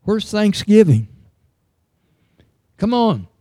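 Male preacher, middle-aged, higher voice, unhurried, emphatic sermon delivery, dry close sound. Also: sing-song, dark tone, no echo. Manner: earnest, emphatic, reads scripture aloud.

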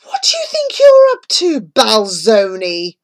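A woman's voice: sits high, very animated, slow pace, voice pushed up, exaggerated voice. A woman voicing an angry male landowner who barks threats. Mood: indignant. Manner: barking, shouting threats.

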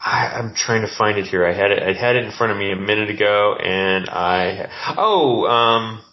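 Podcast co-host, male, low voice, rambling and halting, muffled lo-fi sound. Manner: rambling, halting, many restarts. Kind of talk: casual chat.

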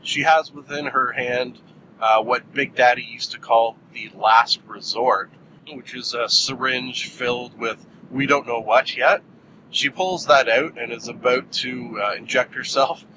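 A man talks through a movie review in a loose, rambling monologue. His voice sits mid-range, and he jokes and fills gaps with frequent "uh"s. A clear, steady vehicle rumble runs behind him. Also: unhurried, low-quality recording. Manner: rambling, jokey, many fillers. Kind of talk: casual film review monologue.

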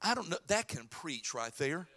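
Pastor guy preaching, bright sharp tone, gets loud and shouty. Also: a little high, very animated, normal speed. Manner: preaching with swings from soft mockery to shouted exhortation. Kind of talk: sermon.

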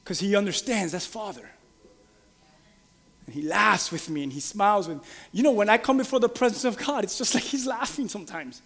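Male pastor, high voice, passionate sermon, direct questions to the congregation, long hall reverb. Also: lively intonation, a little fast. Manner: impassioned, building to loud emphatic peaks.

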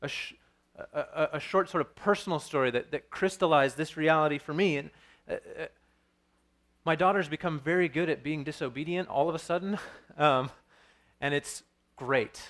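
A man's voice: fairly high pitch, moderate pace, fairly bright tone. A man in his thirties preaching a sermon as pastor, earnest and storytelling, with frequent restarts.

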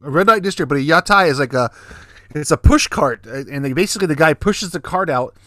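A man with a fairly high voice tells laid-back stories on a casual podcast, swearing freely and rambling. The sound is close and dry with no room echo. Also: lively intonation, fast talker, bright, forceful tone. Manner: laid-back storyteller, profane. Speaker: podcast co-host. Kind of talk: casual chat. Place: Fukuoka, Japan.

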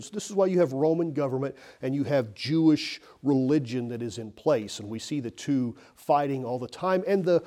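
A man's voice: medium pitch, lively intonation, normal speed, few pauses, warm tone. A man preaching a sermon as pastor, telling the story with emphatic, rising and falling delivery. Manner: emphatic storytelling, voice rises and falls.

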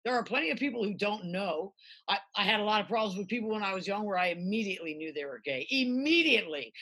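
A middle-aged American woman, a musician, talks fast in a husky, medium-pitched voice. In a casual interview she tells animated stories, rambling and swearing freely.

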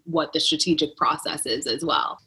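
Bright, playful woman podcast host. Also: low-pitched, moderate pace. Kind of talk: podcast conversation.

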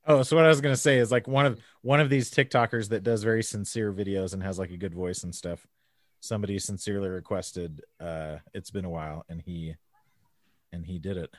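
A middle-aged man with a fairly low voice, co-hosting a relaxed podcast chat. He jokes around and laughs often. The sound is dry and close, with no room around it. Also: brisk, dry recording. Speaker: podcast co-host. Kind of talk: casual chat.

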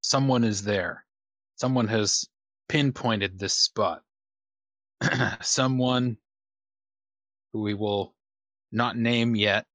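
A man narrating as game master of a tabletop game, unhurried, with many fillers and casual swearing. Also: fairly low pitch, fairly even intonation, fairly bright tone, no echo.

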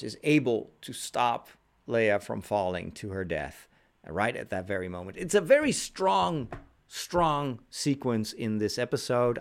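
A man talks in a casual, unscripted commentary style, pausing often on fillers and restarting sentences as he thinks. His voice has a gravelly edge to it and sits at an ordinary middle pitch for a man. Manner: thoughtful, with frequent fillers and restarts.

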